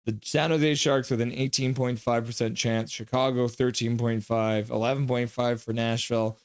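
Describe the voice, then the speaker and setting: Young guy, livestream host, jokey chat banter, ordinary pitch, dry close sound. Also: normal speed, few pauses, clear, resonant tone, dry recording. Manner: joking, excitable, banters with chat. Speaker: live-stream host. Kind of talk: live reaction stream commentary, reading chat.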